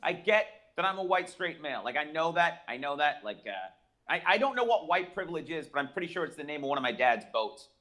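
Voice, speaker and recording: A young adult man doing a profane, brash stand-up comedy set with rapid-fire jokes. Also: fairly high pitch, sing-song, bright, forceful tone.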